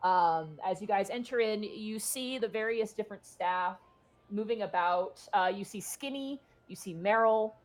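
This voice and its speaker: A woman running a tabletop game, narrating scenes in a loose, rambling way. She fills her descriptions with "like" and "uh" and keeps a steady mid-range pitch. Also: normal speed. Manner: casual, rambling, full of "like" and "uh". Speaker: game master.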